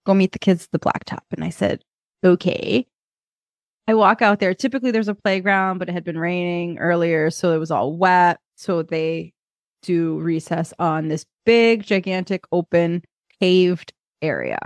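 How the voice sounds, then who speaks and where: A woman in her thirties, co-hosting a podcast and telling a lively story in a casual chat. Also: lowish voice, moderate pace, dry recording. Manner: animated storyteller, acts out kids and herself. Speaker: podcast co-host.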